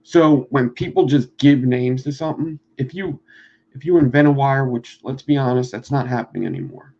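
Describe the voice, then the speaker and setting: A man with a Philadelphia accent chats fast and loose on a live stream, swearing freely as he teaches coil building. His mid-pitched voice carries a gravelly fry. The audio is dull and lo-fi. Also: darkish tone. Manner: fast-talking, profane, rambling. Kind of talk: casual live-stream chat.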